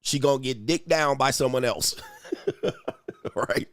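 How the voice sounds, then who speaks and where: A man hosting a relationship reaction show, talking in animated, slangy casual commentary and mocking others in put-on voices. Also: mid-range voice, measured pace, no echo, studio quality.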